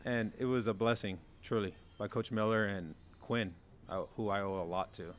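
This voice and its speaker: A young man with a fairly low voice tells his stories in a relaxed, chatty way. He acts out the quoted lines, jumping up in pitch and volume whenever he imitates someone. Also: moderate pace, slight background noise. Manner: animated storyteller, acts out quotes with big jumps in pitch. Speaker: former college quarterback guest. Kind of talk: casual storytelling chat.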